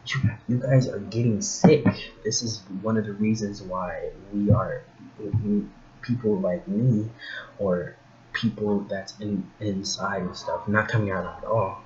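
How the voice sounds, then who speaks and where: Man vlogging a heated rant, lots of restarts, kinda low voice, faint hiss in the background. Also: a little slow, mellow, dull audio. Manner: rambling, restarts sentences, grows heated and incredulous. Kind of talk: casual opinion rant to camera.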